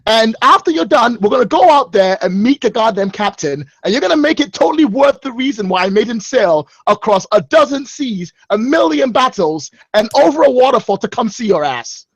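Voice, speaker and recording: An exasperated old father, put on by a player scolds at full volume, his high voice cracking with emotion. The sound is close and dry. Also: lively intonation, a little fast, hardly any pauses, no room sound, exaggerated voice, poor audio.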